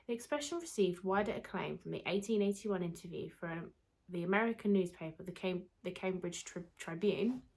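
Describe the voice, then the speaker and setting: Young British woman, casual vlogger, a bit hoarse, low-ish voice, self-deprecating chatter. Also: a little fast, a little mellow. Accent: British English. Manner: chatty, rambling, self-deprecating, light laughter. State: slightly losing her voice. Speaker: YouTuber. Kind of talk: casual vlog chat. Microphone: camera mic under a ring light.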